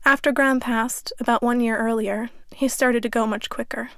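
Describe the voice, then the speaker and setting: A woman author reading her memoir as an audiobook in a studio, in a steady, measured way. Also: a little high, no echo. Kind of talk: audiobook narration. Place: recording studio. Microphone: studio microphone.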